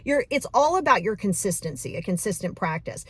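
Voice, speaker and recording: A woman's voice: medium pitch, fairly quick, breathy edge, dry recording. Woman coaching a mindfulness exercise. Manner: casual, animated, talks straight to the viewer.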